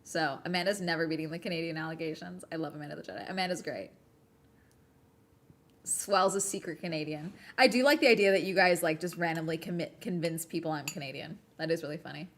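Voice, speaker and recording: A woman's voice: deep voice, quick pace. A young woman from Southern California with a Southern California accent, chatting casually on a livestream as host and reading chat aloud, with lots of ums and likes. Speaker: streamer host.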